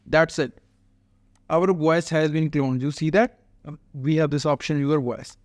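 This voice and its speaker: A man talks viewers through a website as a tech tutorial host, explaining each click step by step with frequent "uh" fillers. His voice sits a little high. The recording is dry and close, with no room sound. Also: fairly even intonation, a little slow, no echo. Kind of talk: casual screen-recorded software walkthrough.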